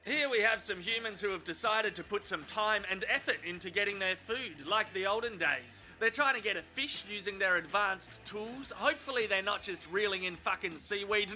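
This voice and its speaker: A man's voice: high-pitched, moderate pace, hardly any pauses, sharp tone, faint music behind. A man doing sweary, sarcastic mock sports commentary over funny video clips as a host.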